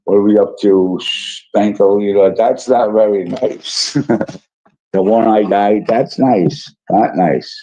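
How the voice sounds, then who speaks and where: A man's voice: fairly low pitch, slow pace, warm tone. A man hosting a casual livestream, reading chat messages aloud and answering them in a rambling, apologetic way with many fillers. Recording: dull lo-fi stream audio.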